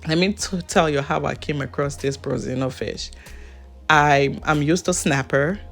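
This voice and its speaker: A woman's voice: sits low, measured pace, vocal fry, soft background music. A woman from Africa with an African accent, chatting casually to her viewers in a vlog and laughing often. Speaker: vlogger.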